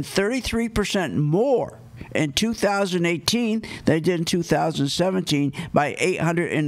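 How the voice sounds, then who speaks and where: Animated high-voiced male radio host. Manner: emphatic, repeats key points, rhetorical questions. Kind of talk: opinionated talk radio monologue.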